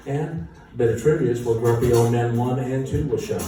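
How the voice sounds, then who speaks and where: A band musician telling an animated, self-mocking story with frequent laughter. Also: male voice, mid-range voice, fairly quick, faint music behind. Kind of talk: casual anecdote storytelling. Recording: echoey room, distant mic, noisy.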